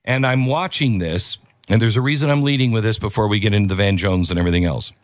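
A man's voice: on the low side, fast, dry recording, clean studio sound. A man hosting a commentary show, reacting to a video clip in an emphatic, preachy way and repeating his key phrases.

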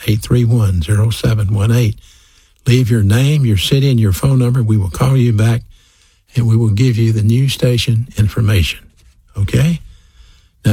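A man's voice: medium pitch, mellow, breathy edge, no room sound. A man, a radio preacher and host, signing off his broadcast sermon in a folksy, earnest way. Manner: folksy, earnest, asks "okay?" for agreement.

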